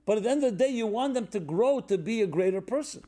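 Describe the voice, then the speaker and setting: A man giving a reflective sermon-style talk, conversational with fillers and restarts, dropping to a soft low voice when telling stories. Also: quick pace, few pauses.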